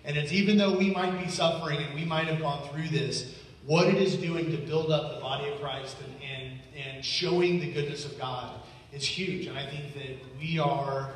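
A man's voice: a little high, slight background noise. A man giving a heartfelt, grateful testimony to a church congregation, talking earnestly with a chuckle here and there. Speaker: guest speaker thanking a church. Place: large church hall. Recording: echoey church hall from far off.

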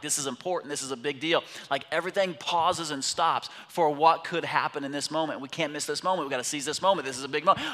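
A man in his thirties preaching a sermon as a pastor, animated and telling stories, swinging between loud bursts and hushed asides. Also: on the high side. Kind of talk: sermon with storytelling. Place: church sanctuary. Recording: long reverb of a large hall.

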